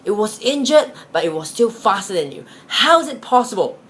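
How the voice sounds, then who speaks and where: A man voicing an angry male hunter who shouts his complaints, telling a spoken fable. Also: high-pitched, very animated, brisk, pitched above the performer's own voice. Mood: angry, baffled.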